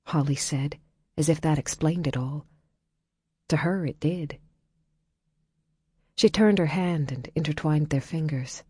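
Woman narrator, quiet measured audiobook reading, husky, dry sound. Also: deep voice, no echo.

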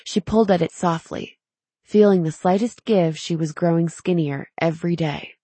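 Woman, audiobook narration, measured and even, lowish voice, dry close recording. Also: slightly rough, no room sound. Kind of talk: scripted narration.

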